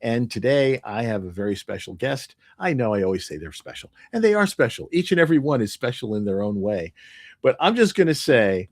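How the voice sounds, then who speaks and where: A man's voice: medium pitch, a little mellow, no echo, clean studio sound. A man hosting a podcast, introducing his guest with enthusiasm and effusive praise. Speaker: podcast host. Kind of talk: podcast interview.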